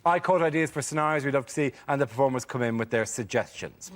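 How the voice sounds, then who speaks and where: A man hosting a comedy panel show, announcing topics briskly. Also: medium pitch. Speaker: host. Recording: live studio with audience and noise.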